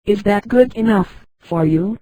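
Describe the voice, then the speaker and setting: A woman reading the lines of a tall, thin, secretive former soldier in a flat, even synthetic voice. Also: mid-range voice, a little slow, dry recording, close to an everyday voice, rough recording.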